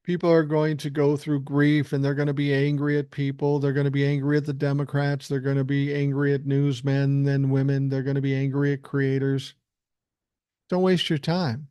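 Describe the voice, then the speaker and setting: A man's voice: medium pitch, level tone, normal speed, dark tone, clean tone, no room sound. Blunt, profane older man, podcast host. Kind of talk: solo political podcast monologue.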